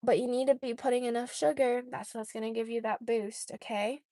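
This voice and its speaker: A woman's voice: a little high, steady tone, a little fast, mellow, no room sound, clean studio sound. A young woman vlogger chatting casually, answering viewer questions and often checking in with "okay?". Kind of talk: casual chat.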